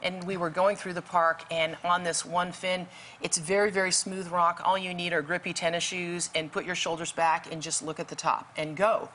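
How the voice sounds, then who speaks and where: A woman's voice: fairly low pitch, level tone, normal speed, a bit bright, slight background noise. A woman guest telling a faith story vividly, acting out the dialogue in it. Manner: vivid, acts out quoted dialogue. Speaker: guest author. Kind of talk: storytelling testimony.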